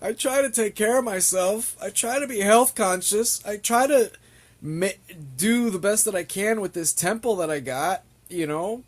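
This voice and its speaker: A man's voice: high voice, moderate pace. A young man ranting to camera, exasperated and repetitive, with an annoyed, rambling manner. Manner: exasperated, ranting, repeats himself. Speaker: vlogger.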